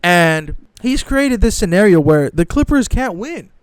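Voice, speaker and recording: A man's voice: high voice, big pitch swings, unhurried, smooth, no room sound. A young man ranting in casual sports commentary, profane and exasperated, often mocking others in put-on voices.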